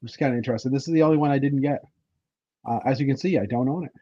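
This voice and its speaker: A man's voice: mid-range voice, racing, warm tone, dry recording, dull audio. A man from Canada hosting a casual livestream chat, rambling with lots of fillers and restarts. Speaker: livestream host.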